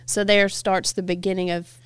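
A woman co-hosting a podcast with her husband, speaking candidly and reflectively in a soft, open way. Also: mid-range voice, flat delivery, normal speed, clear, resonant tone, no room sound. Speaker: co-host, pastor's wife. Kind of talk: casual podcast chat.

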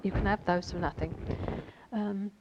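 A woman's voice: medium pitch, fairly even intonation, moderate pace, dull audio, background noise. A woman giving an informal Bible teaching, chatty and rambling, with many fillers and asides. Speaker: lay preacher.

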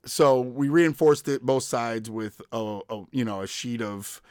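A man's voice: medium pitch, measured pace, darkish tone, smooth, dry recording, clean studio sound. A man in his thirties hosting a podcast, telling stories in casual chat, laughing often and acting out quoted voices. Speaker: podcast host.

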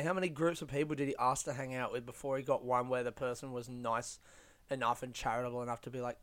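Young male comedian, sardonic and profane storyteller, clean smooth tone. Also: mid-range voice, quick pace, fairly bright tone. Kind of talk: casual comic storytelling.

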